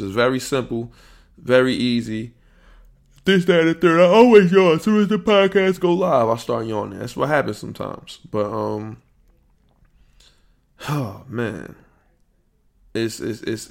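A man hosting a podcast, talking in a slangy, animated way that is full of swearing. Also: medium pitch, gravelly. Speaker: podcast host. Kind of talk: casual podcast monologue.

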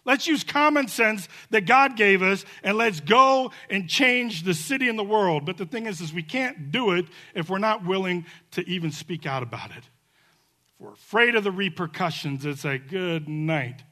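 High-voiced preacher man going hard in a sermon, bright and punchy, gets loud then goes soft. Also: animated, normal speed. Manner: fiery and emphatic, building to shouts then dropping soft. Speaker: pastor.

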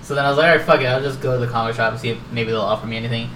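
A man co-hosting a casual podcast chat, telling animated stories, acting out quotes, swearing and laughing often. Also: mid-range voice, very fast, echoey room, far from the mic, a crowd in the background. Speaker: podcast co-host. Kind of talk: casual chat about collectibles.

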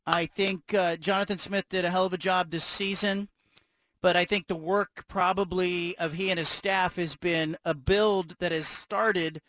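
A man hosting a sports radio show, giving a measured, reflective introduction of a guest. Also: high voice, pushed and bright, no room sound.

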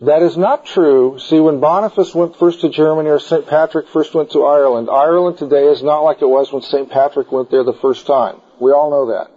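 A man's voice: a little high, a little fast, hardly any pauses, mellow, husky. A man teaching a group about the Bible in an informal, digressive style, full of anecdotes, in a dull lo-fi recording.

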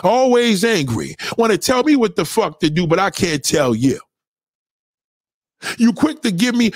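A man's voice: high voice, sing-song, unhurried, dry recording, clean studio sound. A man in a heated, profane livestream rant, lecturing his audience.

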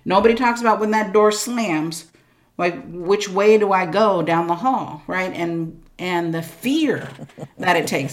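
Emphatic woman telling her story. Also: mid-range voice. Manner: emphatic and expressive, with frequent "like" and "right?". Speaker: guest, entrepreneur and motivational speaker. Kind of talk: candid interview storytelling.

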